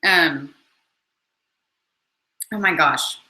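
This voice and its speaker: Deep and bright, her forceful voice draws out its words in an echoey room, captured on a rough recording. A network marketing coach with the hiccups, she talks casually to her followers on video, using lots of "um" and "like."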